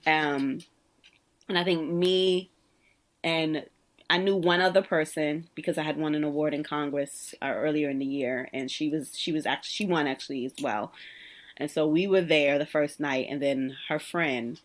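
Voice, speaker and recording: Woman from brooklyn hosting a podcast, kinda low voice, tells stories all animated, laughs a lot. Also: moderate pace. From Brooklyn, New York. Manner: animated, laughs often, acts out quoted people. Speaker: podcast host, social worker. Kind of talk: casual conversational storytelling.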